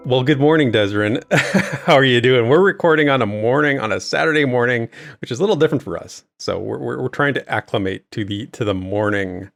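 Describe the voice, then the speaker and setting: A man co-hosting a podcast over a remote call in casual chat, upbeat and quick to laugh, with a groggy morning voice. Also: mid-range voice, vocal fry, a bit bright, faint music behind. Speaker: podcast co-host.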